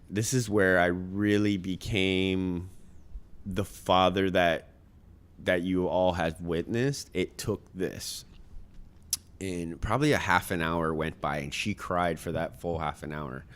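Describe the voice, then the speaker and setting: A man's voice: low voice, a little slow, a bit bright. A man in his thirties, a podcast guest, telling a heartfelt personal story in an earnest way with many ums and uhs.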